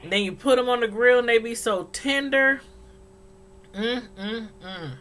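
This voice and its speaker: A middle-aged woman hosting a relaxed call-in stream. Her voice is bright and clear. She chats easily, laughs often and reads viewer comments aloud. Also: on the high side, moderate pace. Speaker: livestream host. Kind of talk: casual chat.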